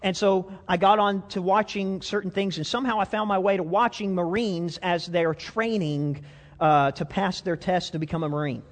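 A man's voice: sits high, fairly even intonation, moderate pace. A man preaching a conversational sermon, self-deprecating and full of restarts, to a congregation. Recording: long reverb of a hall.

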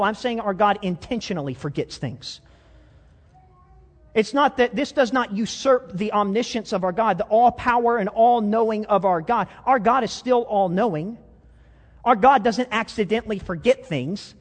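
Pastor, high voice, lively sermon storyteller, long hall echo. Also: male voice, moderate pace. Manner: animated storyteller, repeats words, chuckles often. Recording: long reverb of a big hall.

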